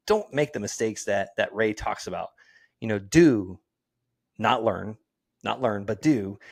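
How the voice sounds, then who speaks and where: Host: man, mid-range voice, energetic and joking, pushes listeners to act. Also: mid-range voice. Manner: energetic, joking, salesy calls to action. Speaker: podcast host. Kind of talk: casual interview and sign-off pitch. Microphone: portable setup.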